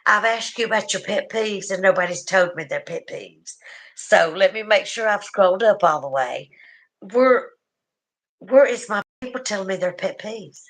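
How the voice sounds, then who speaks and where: A middle-aged woman with a Southern US accent hosting a casual livestream, chatting warmly with viewers and laughing often. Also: mid-range voice, expressive, normal speed. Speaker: livestream host.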